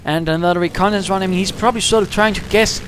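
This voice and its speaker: A man giving chatty play-by-play commentary on a strategy game match, getting excited at the big moments. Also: sits high, racing, slight background noise.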